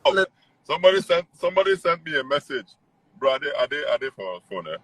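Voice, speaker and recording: A man's voice: on the high side, sing-song, fast talker, fairly bright tone, no echo, rough recording. A man talking casually in a live chat, amused and mocking as he talks. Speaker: interviewee on a live stream.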